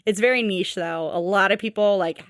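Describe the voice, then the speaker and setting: A woman co-hosting a podcast, recapping a show in casual chat, animated and swearing freely. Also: medium pitch, normal speed, smooth, no echo, clean studio sound. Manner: animated, swearing, acts out quotes. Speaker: podcast co-host.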